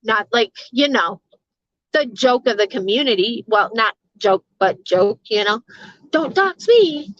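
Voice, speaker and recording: A woman's voice: medium pitch, a little slow, a bit bright, dry recording. A middle-aged woman chatting casually with her live viewers, rambling, swearing freely and laughing often. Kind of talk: casual live-stream chat. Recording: dull, lo-fi sound.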